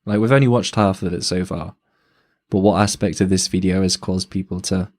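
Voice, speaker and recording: A man reacts to a video during a live stream, thinking aloud with a halting, thoughtful delivery. His voice sits a little low, and he is often amused. He comments casually as he watches. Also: fairly even intonation, a little mellow.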